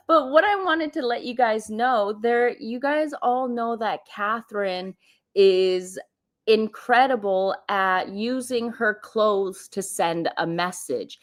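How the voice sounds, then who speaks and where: A woman's voice: fairly high pitch, expressive, a little slow. A woman in her thirties hosting a casual livestream, chatting to viewers in a rambling, friendly way. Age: 30s. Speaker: livestream host. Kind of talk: casual live-stream commentary.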